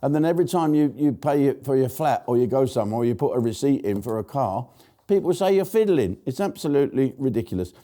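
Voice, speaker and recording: An older man rants bluntly through a jokey political monologue, mocking and laughing at his own quips. His voice sits dark and mellow at an ordinary pitch. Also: animated, fast. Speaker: show host. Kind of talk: casual political comedy monologue.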